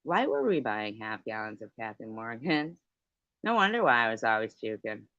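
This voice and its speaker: With a rumbling low voice, big pitch swings, moderate pace, and a fairly bright tone, this middle-aged livestream host chats casually, tells stories, and responds to viewers, laughing a lot and cursing freely. The audio from her computer mic is dry, dull, lo-fi, and echo-free.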